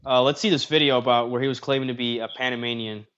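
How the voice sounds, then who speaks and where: A podcast host with a mid-range voice and steady tone talks fast in a casual chat, opinionated and rambling, with restarts. A loud crowd is audible, and the audio is slightly dull with faint noise.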